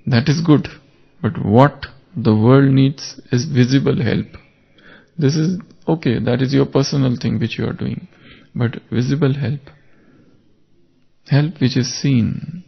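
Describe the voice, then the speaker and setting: A man giving an unhurried spiritual talk, telling stories and repeating key words. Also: medium pitch, gravelly, breathy edge. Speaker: spiritual class speaker. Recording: dull lo-fi recording.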